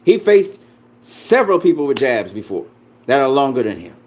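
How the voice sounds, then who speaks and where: A man on a fired-up rant, cursing freely and brushing off every argument with scorn. His voice sits in an ordinary middle pitch, and he keeps hammering the same points with mocking laughs. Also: very animated, moderate pace, a little hiss or hum. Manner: profane, combative, dismissive; repeats himself, laughs mockingly. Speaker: boxing commentator. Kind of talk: ranting reaction video.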